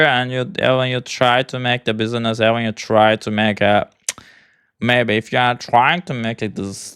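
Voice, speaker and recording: Rambling young man in halting English. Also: mid-range voice, fairly bright tone, clean tone. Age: 20s. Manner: broken, halting English with frequent "brother" asides. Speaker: vlogger. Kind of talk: casual rambling monologue.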